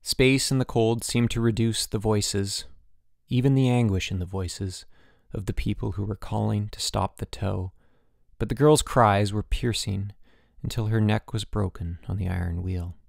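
A man narrating a literary audiobook in a measured, quiet and somber reading. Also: fairly low pitch, steady tone, vocal fry, dry recording, studio quality.

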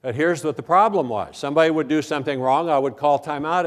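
A man's voice: on the high side, brisk, hardly any pauses. Older man telling classroom stories. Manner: storytelling, acts out quoted voices, frequent "okay, now". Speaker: speaker at a conference. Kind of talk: keynote talk with anecdotes.

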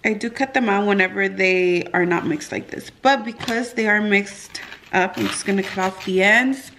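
A woman vlogger casually talking through each cooking step in her home kitchen. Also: medium pitch. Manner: relaxed, talks through each step as she works. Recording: kitchen noise with clicks and clatter.

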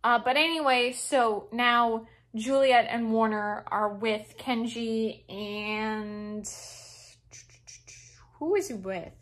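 A woman's voice: fairly high pitch, takes it slowly. Chatty young woman reviewing books. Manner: chatty, many fillers like "like"; expressive, opinionated. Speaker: book reviewer. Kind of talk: casual book review vlog.

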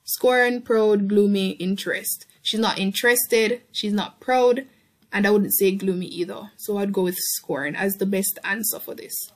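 A woman's voice: medium pitch, steady tone, unhurried. A young woman tutoring through an exam paper, thinking aloud with frequent ums and self-corrections. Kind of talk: casual past-paper walkthrough.

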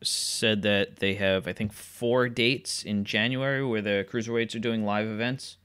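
A man's voice: lowish voice, steady tone, unhurried, a bit bright, clear, resonant tone. Chatty man recapping wrestling. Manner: chatty, laughs often, recaps matches play by play. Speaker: podcast co-host. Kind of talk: casual wrestling recap chat.

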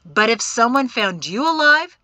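A woman's voice: a little high, very animated, measured pace, no echo, voice pushed up, exaggerated voice. A woman reading an audiobook, voicing a stern, protective middle-aged man who is the group's guide and an exasperated uncle. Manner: forceful and exasperated.

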